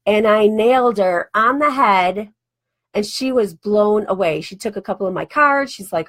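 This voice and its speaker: A woman in her forties, a radio host and life coach, telling a personal story in a chatty, animated way and acting out bits of dialogue. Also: medium pitch, normal speed. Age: 40s. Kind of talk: casual storytelling monologue.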